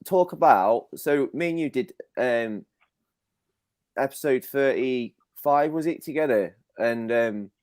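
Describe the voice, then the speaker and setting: A man's voice: mid-range voice, expressive, slow pace, a little mellow, no room sound. A man hosting a casual video call chat, hesitant and affectionate, calling his guest brother and mate. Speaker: host.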